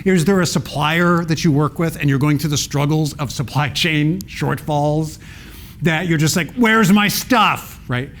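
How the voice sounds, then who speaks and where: A man's voice: a little high, fairly even intonation, moderate pace, slight background noise. A middle-aged man giving a playful talk to an audience, acting out everyday dialogues with raised voices. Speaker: public speaking teacher giving a talk.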